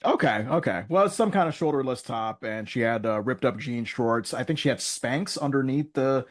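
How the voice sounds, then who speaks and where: A man's voice: mid-range voice, expressive, normal speed. A man co-hosting a podcast in casual chat, talking in a chatty, hedging way and now and then acting out voices. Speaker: podcast co-host.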